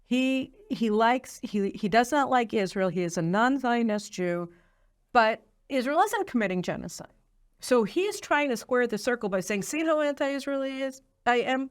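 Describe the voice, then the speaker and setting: A woman's voice: fairly high pitch, expressive, moderate pace. A woman hosting a political commentary show, talking in an opinionated way with many fillers. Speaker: host.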